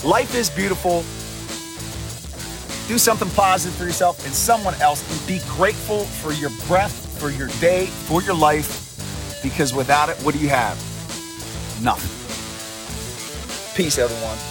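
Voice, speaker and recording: A man's voice: on the high side, lively intonation, moderate pace, long pauses, over music. A man hosting a sports podcast on his own, his voice strained and damaged, talking in an emphatic, preachy way and repeating words for punch. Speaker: podcast host. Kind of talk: sports commentary podcast monologue.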